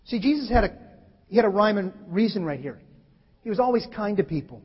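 High-voiced preacher man in a big hall. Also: a little fast, husky. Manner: animated, acts out scripture quotes with sudden loud shifts. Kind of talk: sermon. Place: church hall. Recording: muffled hall recording.

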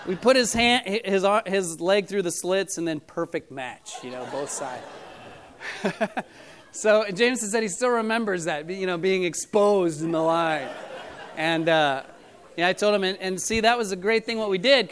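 A man's voice: high-pitched, a bit bright, slight background noise. A middle-aged man preaching a casual sermon to his church, talking in a loose storytelling way with many fillers. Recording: church audio recording.

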